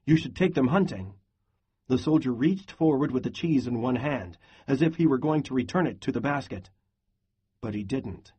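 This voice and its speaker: A man reading a novel aloud in a steady, even voice for a class lesson. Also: mid-range voice, moderate pace, husky, dull audio. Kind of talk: read-aloud lesson narration.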